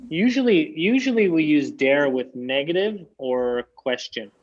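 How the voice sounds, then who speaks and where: A man teaching English grammar in a relaxed, chatty way, full of fillers and restarts. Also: on the high side, unhurried. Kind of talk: casual teaching chat. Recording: dull lo-fi sound.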